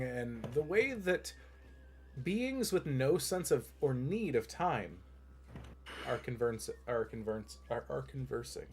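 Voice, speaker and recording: A man's voice: fairly high pitch, expressive, unhurried, darkish tone, breathy edge. A man narrating a tabletop game as game master, rambling descriptions with frequent restarts. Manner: meandering, many fillers and restarts.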